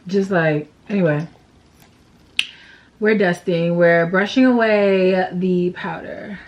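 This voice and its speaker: A woman's voice: on the low side, takes it slowly, muffled recording. A woman chatting through a makeup tutorial, candid and slangy, openly sad and emotional as she vents between steps. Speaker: makeup vlogger. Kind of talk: casual makeup tutorial chat.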